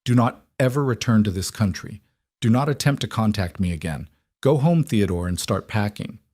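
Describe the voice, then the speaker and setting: A man reading the lines of a cold, composed young royal woman in a flat, measured tone. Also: fairly low pitch, no echo, clean studio sound.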